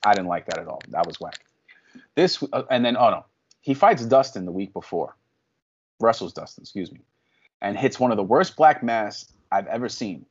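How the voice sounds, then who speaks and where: A man's voice: lowish voice, breathy edge, muffled recording. Profane ranting man on a podcast. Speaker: podcast co-host. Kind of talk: casual wrestling podcast chat.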